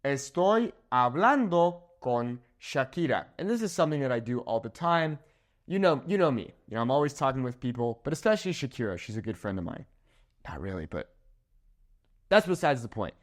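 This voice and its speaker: A man teaches at a whiteboard with a lively, bouncing delivery that rises and falls as he stresses each point. His pitch sits in an ordinary middle range. He walks through the rules step by step and keeps asking "okay?" to check in with his viewers. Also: brisk. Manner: animated, checks in with "okay?" often. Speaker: Spanish teacher. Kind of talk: whiteboard grammar lesson. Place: room with a whiteboard.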